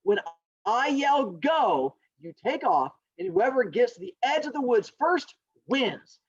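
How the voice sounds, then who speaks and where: A man voicing a solemn male owl who judges the race in a slow, drawn-out, formal voice. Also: extremely high pitch, big pitch swings, husky, no room sound, far from the mic, dull audio, voice pushed up, full character voice.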